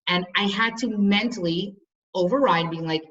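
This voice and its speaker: A woman's voice: medium pitch, moderate pace, a bit bright, recorded from a distance, muffled recording. A woman in her thirties teaching a study class, chatty and storytelling with frequent restarts.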